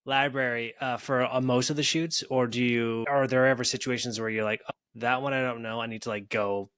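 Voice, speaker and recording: A man's voice: medium pitch, steady tone, brisk, a bit bright, no room sound, clean studio sound. A man hosting a podcast who asks long, rambling questions full of restarts and fillers. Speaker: podcast host. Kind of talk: casual interview chat.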